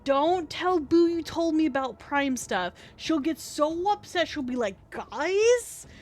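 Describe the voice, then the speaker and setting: A woman's voice: high-pitched, expressive, a little slow, a little mellow. A tired woman with a scratchy throat, rambling as she streams a game, full of fillers, swearing and joking at her own expense. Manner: rambling, filler-heavy, swears freely, self-mocking. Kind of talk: casual live-stream chat.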